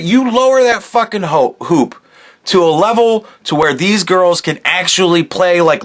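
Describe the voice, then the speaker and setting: High, animated ranting man. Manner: angry, profane, sarcastic ranting. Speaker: podcast host. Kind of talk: solo podcast rant.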